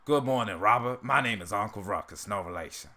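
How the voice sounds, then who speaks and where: A cranky old man, put on by a young streamer, talks in a slow, exaggerated drawl. The voice sits near the streamer's own pitch and stays bright. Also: animated. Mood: mocking. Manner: exaggerated drawl, broken by laughing.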